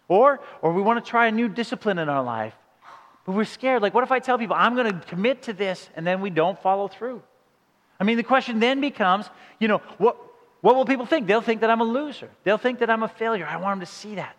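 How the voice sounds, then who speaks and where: A man delivers a sermon in a high-pitched voice. He shifts between hushed, low passages and emphatic, rising questions. His voice carries a long reverb, as in a large hall. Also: quick pace. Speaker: pastor.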